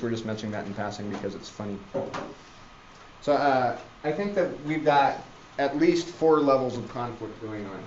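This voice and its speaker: A man's voice: medium pitch, noisy background. A man teaching a literature class, rambling with many fillers and restarts. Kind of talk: classroom lecture. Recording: roomy, dull classroom recording.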